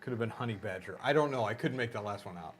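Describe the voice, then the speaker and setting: A man's voice: on the low side, quick pace, slight background noise. A man on a live ghost-hunting stream, talking in a hesitant, musing way that often trails off. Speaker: paranormal investigator.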